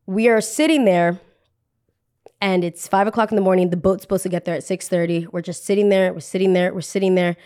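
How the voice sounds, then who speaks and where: A woman's voice: fairly low pitch, steady tone, a little fast, darkish tone. A young adult woman hosting a podcast, telling a personal story in a casual, chatty way, repeating phrases for emphasis and saying "like" often.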